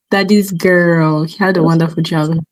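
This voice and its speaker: Brief: woman podcast host, lower pitched, encouraging, easygoing chat. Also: a little mellow, dry recording, poor audio. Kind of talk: casual interview chat.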